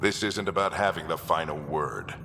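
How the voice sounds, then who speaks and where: An actor playing a stern middle-aged father who leads a space expedition, calm and commanding. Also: a bass voice, moderate pace, creaky, a little hiss or hum, exaggerated voice. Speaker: expedition leader. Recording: game audio with music and long reverb.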